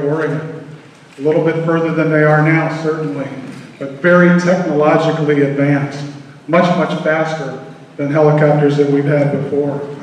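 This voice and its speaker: A man, a Coast Guard officer, giving an earnest, measured speech to a public meeting. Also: a little high, a little mellow. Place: large hall at a public meeting. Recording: echoey hall from far off.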